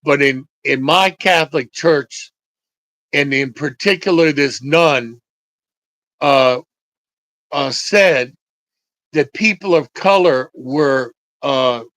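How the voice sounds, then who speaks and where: An older man slowly recounting personal memories, halting and reflective, with frequent pauses. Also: mid-range voice, fairly bright tone, no room sound, low-quality recording. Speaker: storyteller. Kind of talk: personal storytelling.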